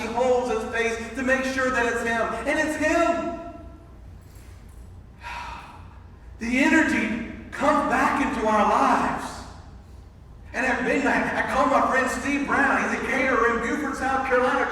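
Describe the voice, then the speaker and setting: A man's voice: very high voice, steady tone, a little slow, long pauses, bright, forceful tone, slight background noise. A man preaching, retelling a story in the first person with dramatic build and repeated words. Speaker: pastor. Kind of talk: sermon storytelling. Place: church sanctuary. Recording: echoey hall recorded from far off.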